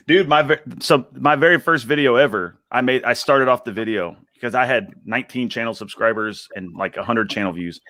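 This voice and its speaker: A man's voice: mid-range voice, moderate pace, pushed and bright, dry recording, clean studio sound. A man from Texas, a guest on a live video chat, joking around and laughing often. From Texas, United States.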